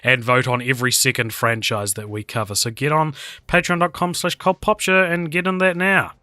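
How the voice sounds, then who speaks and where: Bright-toned male podcast co-host. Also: mid-range voice, flat delivery, fairly quick, dry recording. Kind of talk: casual film podcast chat.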